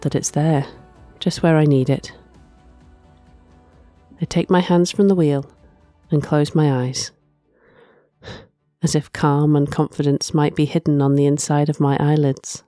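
A woman reads a first-person story aloud in a soft, reflective way, often sighing between lines. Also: low-pitched. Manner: soft, reflective, with frequent sighs. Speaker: narrator.

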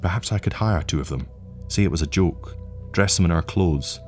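A man voicing a young husband on the run, speaking in an earnest, quiet and resolute way. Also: low-pitched, moderate pace, faint music behind, lightly acted. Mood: tense.

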